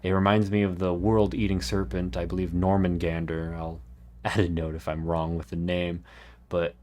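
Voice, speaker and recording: A man narrating a scripted video essay in an earnest, measured way with dramatic pauses. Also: low voice, level tone, a little mellow, slight background noise. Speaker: YouTube narrator.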